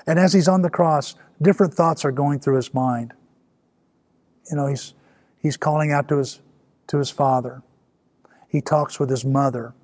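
Husky, conversational male preacher. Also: a little high, moderate pace, pauses often, darkish tone, no room sound. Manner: conversational, rising to emphatic peaks. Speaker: pastor. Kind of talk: sermon.

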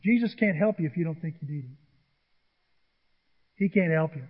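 A male pastor preaching a sermon, animated and acting out the people he quotes. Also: on the high side, normal speed, slightly rough. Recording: dull sound in a large reverberant hall.

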